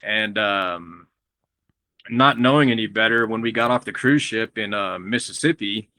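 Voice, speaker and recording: Bright-voiced Texan man telling stories. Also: on the low side, moderate pace. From Texas. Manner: animated, acts out quotes of others, laughs often. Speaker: guest grower and breeder. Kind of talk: casual podcast storytelling.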